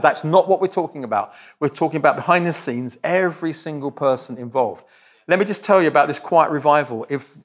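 A man preaching as a visiting speaker, direct and conversational, with joking asides to the congregation. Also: a little high. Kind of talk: sermon.

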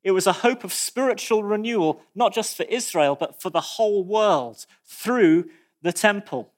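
A man preaching a sermon, expressive, with dramatic pauses and animated asides. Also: high-pitched.

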